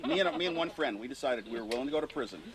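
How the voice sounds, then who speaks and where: A man's voice: mid-range voice, animated, very fast. A man telling an outrageous joking story, building it up step by step. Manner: joking, building a tall tale. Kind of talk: animated anecdote. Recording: crowd chatter behind.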